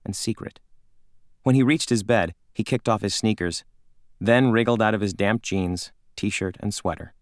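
A man reading a children's novel aloud in a calm, measured narration. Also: lowish voice, no echo, clean studio sound. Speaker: audiobook narrator. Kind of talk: scripted narration.

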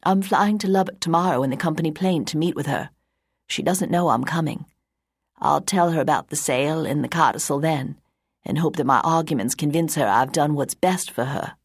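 A woman reads as a wealthy woman in her eighties, sharp and resolute, speaking firmly and crisply in a storybook reading. Her voice is low and husky, close and dry. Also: normal speed, dry recording. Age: 80s. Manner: firm, crisp, unbending.

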